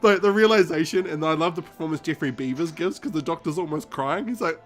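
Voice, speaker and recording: A man co-hosting a fan podcast in casual, eager chat. His voice sits a little high, and he keeps laughing and acting out quoted lines. Faint music plays behind him. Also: fast talker. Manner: enthusiastic, laughing, acts out quotes. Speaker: podcast co-host.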